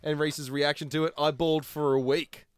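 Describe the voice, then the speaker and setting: A man's voice: a little high, level tone, moderate pace, smooth. A man with an Australian accent co-hosting a podcast, joking and reading out listener messages. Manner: jokey, reads out listener messages. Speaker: podcast co-host. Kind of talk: casual chat.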